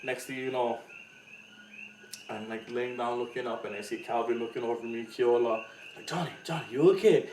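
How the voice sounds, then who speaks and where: Man, mid-pitched, animated storyteller, off-mic in an echoey room. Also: moderate pace, pauses often. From Hawaii. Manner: animated storyteller, acts out quotes with loud laughing voices. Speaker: podcast co-host. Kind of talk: casual chat, storytelling. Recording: echoey room, mic at a distance, faint noise.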